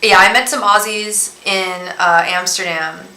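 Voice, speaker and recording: A woman's voice: medium pitch, steady tone, measured pace, pushed and bright. A young woman hosting a live tarot stream, chatty and rambling as she talks straight to her viewers. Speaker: tarot reader and psychic host. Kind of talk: casual live-stream chat. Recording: roomy room echo.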